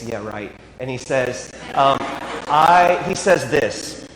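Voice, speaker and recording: A man's voice: mid-range voice, animated, takes it slowly, fairly bright tone, slight background noise. A man, a priest, telling a humorous story in a sermon with dry, wry asides. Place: church. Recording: echoey church with long reverb.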